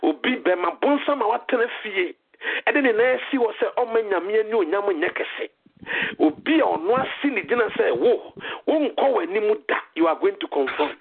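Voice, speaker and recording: A Ghanaian man preaching a sermon on a community call, exhorting his listeners and repeating phrases with halting restarts. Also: high-pitched, expressive, slightly rough. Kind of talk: sermon mixing Twi and English. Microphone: phone call. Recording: tinny phone line with faint noise.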